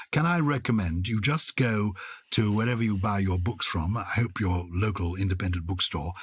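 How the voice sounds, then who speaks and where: Husky English man with an enthusiastic manner. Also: fairly low pitch, no echo, clean studio sound. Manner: enthusiastic, theatrical recommending. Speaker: podcast co-host. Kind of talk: casual chat.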